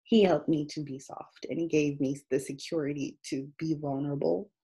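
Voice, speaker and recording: A woman's voice: deep voice, fairly even intonation, normal speed, dark tone, husky. A woman guest telling her personal story in an earnest, heartfelt way. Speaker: guest author. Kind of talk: candid personal interview.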